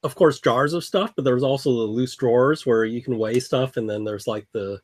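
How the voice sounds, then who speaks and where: A man's voice: medium pitch, moderate pace, a little mellow, no echo. Man, game master, casual narration, repeats himself, dry sound. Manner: loose, casual, repeats words.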